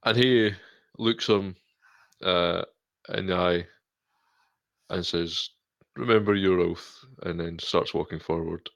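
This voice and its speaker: A man's voice: deep voice, takes it slowly, vocal fry, long pauses, fairly bright tone, no room sound. A man narrating his character's actions in a tabletop game, hesitant, with ums and uhs. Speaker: player.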